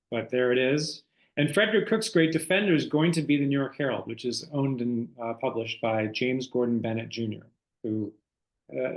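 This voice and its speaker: A man's voice: medium pitch, roomy sound, rough recording. A man, an author, giving a conversational online book talk, telling history as a story with frequent fillers.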